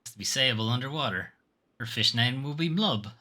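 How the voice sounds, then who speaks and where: A man's voice: mid-range voice, expressive, brisk, bright, forceful tone. A man voicing a wry, whimsical rock-statue selkie with a posh Edinburgh accent and a playful drawl. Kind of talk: reading game dialogue aloud.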